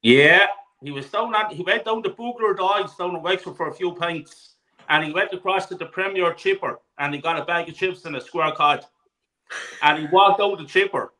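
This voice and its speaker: Irish man, high and bright voice, animated football host, swears freely, on a video call. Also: normal speed, poor audio. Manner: animated, swears freely, laughs mid-story. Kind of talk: casual chat, storytelling.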